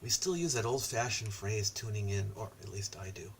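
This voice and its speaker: A man's voice: lowish voice, animated, normal speed, a little hiss or hum. A man hosting a casual livestream about ancient history, chatting loosely with viewers and reading their comments aloud between frequent ums and uhs. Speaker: host and ancient history lecturer.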